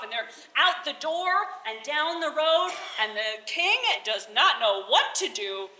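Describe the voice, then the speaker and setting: A woman tells a folk tale live, animated and chuckling between lines. Her voice is high, bright and lively, her pace unhurried. The roomy hall adds echo. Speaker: storyteller. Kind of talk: live oral storytelling. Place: bardic gathering hall.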